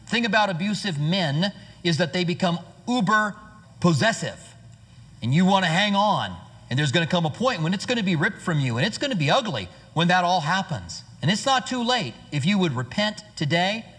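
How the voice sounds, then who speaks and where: A male pastor preaching earnestly and conversationally, his high voice bright with a husky edge. The sound rings with the long reverb of a church hall. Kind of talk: sermon. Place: church sanctuary.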